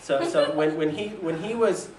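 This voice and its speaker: Animated man in an echoey room. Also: fairly high pitch, normal speed, crowd noise. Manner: animated, laughs often, quotes people in voices. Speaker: speaker telling his business story. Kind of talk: casual storytelling. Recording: roomy echo from a distant mic.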